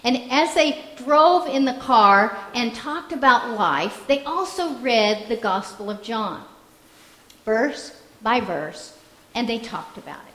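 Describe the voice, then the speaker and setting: A woman's voice: a little high, lively intonation, slow pace, fairly bright tone. Woman preaching in an echoey room. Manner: storytelling, reflective and earnest. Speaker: pastor. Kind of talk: sermon.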